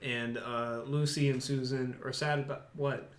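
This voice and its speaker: A man co-hosting a casual podcast, retelling a film plot in a halting, rambling way with lots of fillers. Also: medium pitch, level tone. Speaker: podcast co-host. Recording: echoey room.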